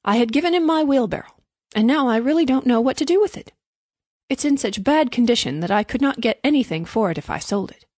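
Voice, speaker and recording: A woman voicing a greedy, smooth-talking male miller in a storybook reading. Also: fairly high pitch, expressive, quick pace, few pauses, a little mellow, dry recording. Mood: self-pitying. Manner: hearty, self-serving pronouncements.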